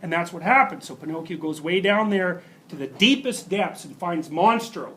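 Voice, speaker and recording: A man lecturing at a university, telling a story in an emphatic, animated way and often restarting his sentences. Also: high-pitched, normal speed, a little hiss or hum.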